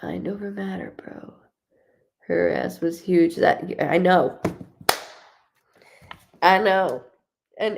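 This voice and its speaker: A woman's voice: mid-range voice, creaky. A young woman giving a live reading as a medium, chatting casually and laughing often as she passes on what she hears. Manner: chatty, animated, laughs often, quotes the spirit in a lively voice.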